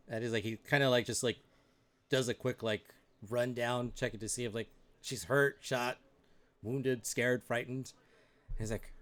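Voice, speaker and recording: A man's voice: mid-range voice, fairly even intonation, moderate pace, long pauses, a bit bright. A man narrating as game master in a casual, laid-back way, with fillers and chuckles. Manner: casual, lots of fillers and laughter. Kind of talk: improvised tabletop game narration.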